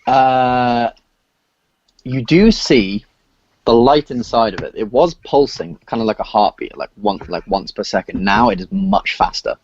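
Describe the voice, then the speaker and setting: A man serving as dungeon master, narrating the action in a halting way with many filler sounds. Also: medium pitch, expressive, breathy edge. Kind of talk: narrating a tabletop game. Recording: dull lo-fi audio.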